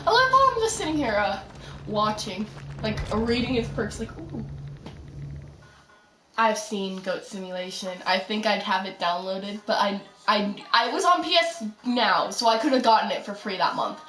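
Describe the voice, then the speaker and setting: A young woman rambling through casual commentary while she plays a game, chatty and full of quick asides. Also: mid-range voice, lively intonation, recorded from a distance, noisy background. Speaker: gaming streamer. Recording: roomy echo, voice set back from mic, faint music.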